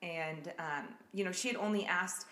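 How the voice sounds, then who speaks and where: A woman host recounts a true-crime story in casual chat, often breaking into giggles. Her voice is bright and clear. The room around her is echoey. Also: fairly low pitch, moderate pace. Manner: giggly, keeps trying to get back on track. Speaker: podcast host.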